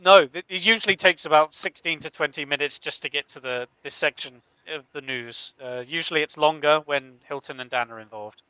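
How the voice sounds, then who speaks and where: Bright, crisp-voiced stream host on a dull mic. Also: male voice, on the high side, brisk, hardly any pauses, dry recording. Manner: upbeat, laughs often, addresses the chat. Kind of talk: casual live-stream chat.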